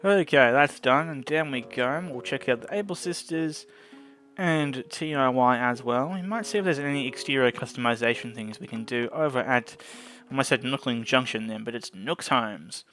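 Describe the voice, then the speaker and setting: Male let's-play host, casual and chatty, stumbles now and then; average pitch, soft music underneath. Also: normal speed. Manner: chatty, often trips over his words. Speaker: gameplay video host. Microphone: desk microphone.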